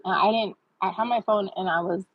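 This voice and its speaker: A woman and mother hosting her own channel, telling a chatty, animated storytime with laughs. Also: medium pitch, fairly quick, dull audio, a little hiss or hum. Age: adult with a child. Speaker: vlog host. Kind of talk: casual storytime.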